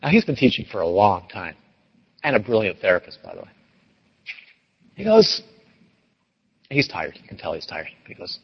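Man teaching an audience, lively storyteller, husky voice, long hall reverb, dull sound. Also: on the low side, moderate pace, long pauses. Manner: animated, acts out quoted voices. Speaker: dharma teacher.

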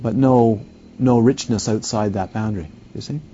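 A man giving a dharma talk as a meditation teacher, unhurried and playful, often turning questions back to the listeners. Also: fairly low pitch, warm tone, lo-fi sound, a little hiss or hum.

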